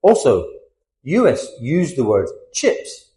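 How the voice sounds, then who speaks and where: A British man teaching English, explaining word differences with lively, sing-song emphasis. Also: mid-range voice, slow pace, echoey room. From Britain. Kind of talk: scripted lesson to camera.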